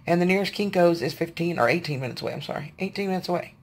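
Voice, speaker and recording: A woman's voice: fairly low pitch, lively intonation, very fast, breathy edge. A woman, venting to her viewers in a casual video diary, sounding tired and frustrated. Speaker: vlogger.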